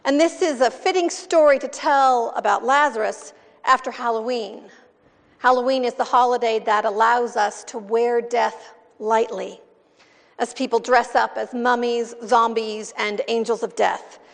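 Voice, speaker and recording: A woman pastor reading scripture and preaching a sermon in a measured, deliberate way, heard in a large echoing hall. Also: fairly high pitch, vocal fry. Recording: long reverb in a large hall.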